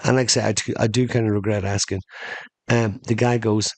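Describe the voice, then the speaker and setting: A man hosting a podcast, telling a funny story in an animated way and slowing down for emphasis. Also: lowish voice, no room sound. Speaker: podcast host. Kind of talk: comedic storytelling monologue.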